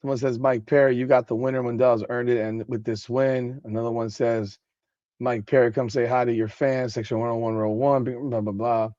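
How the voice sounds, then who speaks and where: A man hosting a podcast late at night, sleepy and yawning, talking in loose, excitable slang and reading out comments. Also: medium pitch, fairly quick, no echo, highs cut off. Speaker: podcast host.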